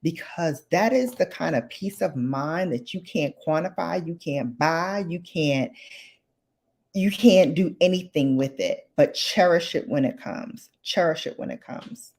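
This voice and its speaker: A middle-aged woman talks to her livestream viewers in a low voice and at an unhurried pace. She speaks from the heart, close to tears, and repeats phrases to press her point. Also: a little mellow. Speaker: livestream host. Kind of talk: late-night livestream chat with viewers.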